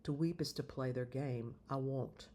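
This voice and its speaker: A man reading aloud voices a wry stranger, a fellow fugitive, who speaks with a dry, mocking calm. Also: medium pitch, normal speed, slight background noise, lightly acted. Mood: resolute.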